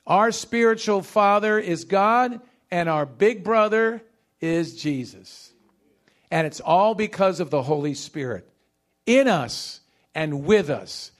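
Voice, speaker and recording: A high-voiced male pastor preaches a sermon, leading his congregation in call-and-response. He moves between quick bursts and slow, stressed phrases.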